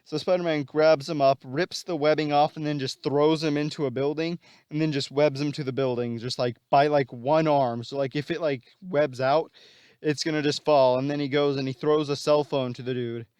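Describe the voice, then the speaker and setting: A man casually telling a story plot in a rambling way, full of fillers and restarts. His voice sits a bit high, and the recording is dry and close with no room sound. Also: steady tone, normal speed, a little mellow, smooth, no room sound.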